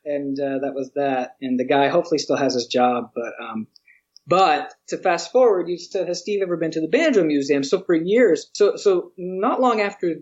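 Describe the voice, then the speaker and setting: A man telling a lively story in an interview, acting out what people said and laughing often. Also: a little high, moderate pace, lo-fi sound. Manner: animated storyteller, acts out quotes, laughs often. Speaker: interview guest, museum educator.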